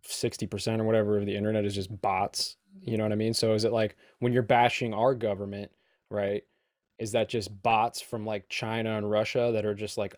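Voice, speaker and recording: A man chatting on a podcast, musing out loud and often asking "you know what I mean". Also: fairly low pitch, no room sound, studio quality. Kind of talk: casual chat.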